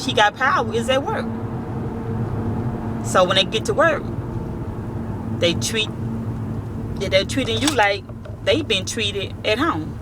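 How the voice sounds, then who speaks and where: Brief: woman, frank and profane, advice vlogger, mid-pitched voice, cars going by outside. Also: animated, slow, pauses often. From Southern US. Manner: blunt, profane, storytelling with quoted voices. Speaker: vlogger giving work advice. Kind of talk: casual advice talk. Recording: outdoor traffic noise.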